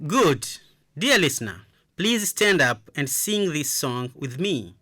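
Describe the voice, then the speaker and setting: A woman teaching a radio lesson for children, slowly leading the listeners to repeat phrases after her. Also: sits low, sing-song, pushed and bright, studio quality, soft background music. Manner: slow, encouraging, repeats phrases for listeners to echo.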